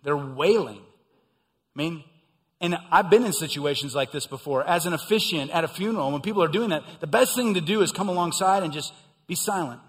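A middle-aged man preaching a sermon, swelling into emphatic passages and then dropping quiet and low. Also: animated, brisk, big-room sound. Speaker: pastor.

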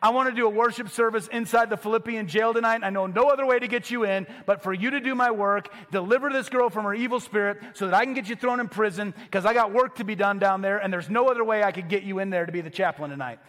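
Guy preaching as god talking casual and sure of himself, highish voice, big hall echo. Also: quick pace, hardly any pauses, fairly bright tone. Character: God speaking casually, male, confident, purposeful.

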